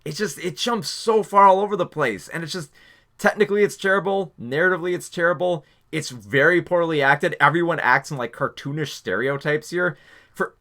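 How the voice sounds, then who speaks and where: A man reviewing a film in a casual spoken style, exasperated and halting with many restarts. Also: on the high side, bright, forceful tone.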